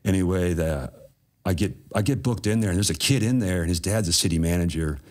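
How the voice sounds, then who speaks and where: Male guest, very low voice, loose and profane storyteller. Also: a little fast. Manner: laid-back, profane, slangy. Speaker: podcast guest. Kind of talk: casual storytelling.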